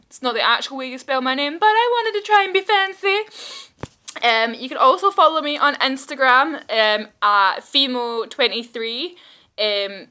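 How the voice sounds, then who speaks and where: A woman in her thirties who talks in a rambling, excitable, self-mocking way, recording a casual video message while sitting at home. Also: a little high, smooth. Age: 30s. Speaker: vlogger. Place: indoors at home, seated.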